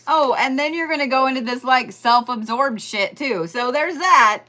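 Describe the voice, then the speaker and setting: Bright-voiced woman giving a joking astrology reading. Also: sits high, normal speed, slight background noise. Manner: rambling, joking, swearing, talks straight to listeners. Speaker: astrology and Reiki host.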